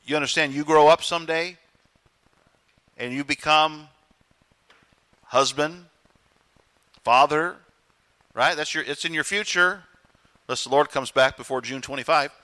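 A man delivers a sermon from the pulpit with a bright, ringing tone. His voice sits a touch high for a man. He is animated and acts out short voices to drive his points home. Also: unhurried, long pauses. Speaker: pastor.

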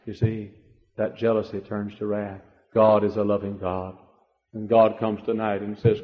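Emphatic preacher in an echoing hall. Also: male voice, lowish voice, level tone, normal speed. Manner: emphatic, repetitive, swinging between quiet and shouting. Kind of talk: sermon. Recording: dull lo-fi recording in a reverberant hall.

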